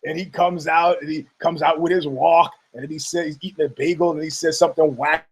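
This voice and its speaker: A man's voice: fairly high pitch, fairly even intonation, a little fast, breathy edge, low-quality recording. A man hosting a podcast, ranting casually about fight news in a rambling, profane way, laughing often and mocking people in put-on voices. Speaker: podcast host.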